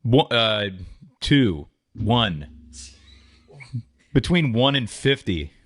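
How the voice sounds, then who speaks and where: A man with a mid-pitched voice that moves freely up and down, co-hosting a casual movie podcast. He slips in dry, joking asides between the others' stories. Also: sing-song, drawn-out words. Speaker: podcast co-host.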